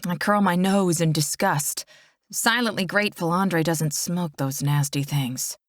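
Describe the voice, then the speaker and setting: A woman narrating a first-person romance audiobook in an intimate, steady way, close to the mic. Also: on the low side, unhurried, dry recording.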